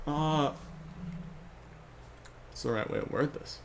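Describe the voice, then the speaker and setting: A man's voice: a little high, takes it slowly, long pauses, slight background noise. A man thinking aloud to himself as he writes a script, questioning his own choices in a casual, self-talking way. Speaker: fan scriptwriter. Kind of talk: thinking aloud while writing.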